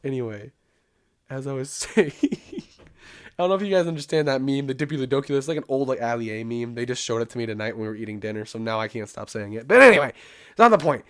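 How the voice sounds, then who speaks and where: A man's voice: mid-range voice, animated, fast talker, smooth. A young man hosting a casual video, rambling and laughing as he talks, often repeating himself. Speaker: YouTube host. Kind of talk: casual ranking commentary.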